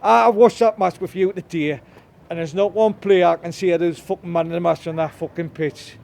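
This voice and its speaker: A man's voice: high voice, fairly even intonation, brisk, creaky, darkish tone. A man from Sunderland with a Sunderland accent, giving an angry, swear-filled street interview as a football fan and repeating himself often. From Sunderland, England. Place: outdoors in a town centre.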